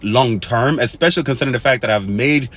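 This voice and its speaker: A man from Nigeria talks straight to camera in a casual monologue. His voice sits at an ordinary pitch but swings widely, jumping to loud, high exclamations and then dropping to quiet, low asides. He drops Pidgin and Igbo phrases into his talk. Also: fast. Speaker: host.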